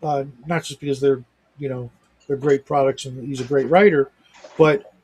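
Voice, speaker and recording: A man's voice: medium pitch, steady tone, normal speed, darkish tone, slightly rough. A man hosting a livestream, chatting casually and rambling with lots of restarts and asides. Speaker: livestream host. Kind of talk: casual chat.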